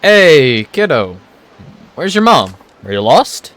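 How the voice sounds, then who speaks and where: A man voicing a brash, rough-talking male street fighter from a game. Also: on the high side, sing-song, slow, fairly bright tone, full character voice. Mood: gruff.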